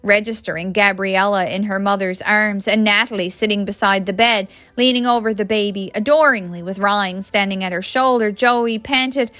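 A woman reading a story aloud in a steady, expressive storybook narration. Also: medium pitch, moderate pace, few pauses, no room sound, faint music behind. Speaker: audiobook reader.

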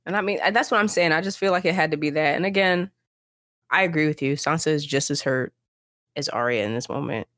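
Lady podcaster with a low voice, animated, keeps repeating herself to make a point, dead dry mic. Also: brisk, dry recording. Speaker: podcast co-host. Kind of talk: casual book discussion.

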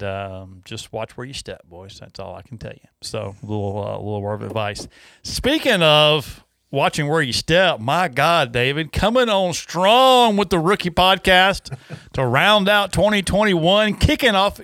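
A man's voice: medium pitch, a bit bright, no room sound. Rambling man, dry mic. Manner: rambling, laughing, self-interrupting. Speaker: podcast host. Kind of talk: casual podcast chat.

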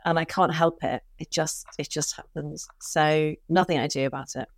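A middle-aged woman with a softened Liverpool accent, a former cabinet minister chatting candidly and animatedly as an interview guest. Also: deep voice, steady tone, moderate pace, no room sound, clean studio sound. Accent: mild Liverpool, softened toward southern English. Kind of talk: casual conversational interview.

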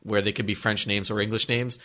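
A man from Quebec hosting a casual podcast chat, briskly moving the talk along and asking questions. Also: fairly low pitch, little pitch movement, pushed and bright. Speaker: podcast host.

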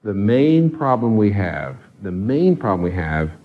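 A man's voice: lowish voice, very animated, unhurried, phone-quality sound. A man preaching a sermon with passion, pressing his listeners with pointed rhetorical questions. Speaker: pastor.

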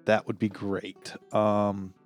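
A man's voice: lowish voice, completely flat delivery, takes it slowly, faint music behind. A man playing a tabletop role-playing game, speaking with hesitant fillers and laughing between lines. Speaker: player. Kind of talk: tabletop game play, casual banter.

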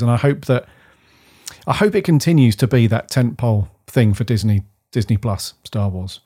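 A man from the UK co-hosting a podcast, chatting in a rambling, enthusiastic way and often letting his phrases trail off softly. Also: medium pitch, slightly rough. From United Kingdom. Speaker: podcast co-host. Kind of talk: casual chat.

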